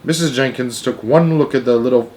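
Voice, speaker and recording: A male storyteller reading a children's classic aloud. His voice sits at an ordinary middle pitch, and he keeps the narration measured and even. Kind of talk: children's book read aloud.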